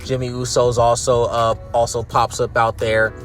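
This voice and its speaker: A man's voice: mid-range voice, monotone, normal speed, faint music behind. A man giving a casual ranting recap of a show, sarcastic and profane, repeating words as he gets worked up. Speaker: wrestling commentary YouTuber.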